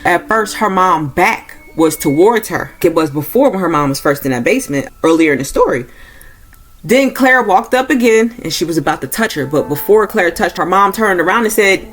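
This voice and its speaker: A woman's voice: animated, moderate pace, faint music behind. A woman giving a casual, informal movie review, talking loosely and acting out characters' lines in a raised voice. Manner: informal, uses y'all, acts out quoted lines with rising pitch. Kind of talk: casual plot recap and review.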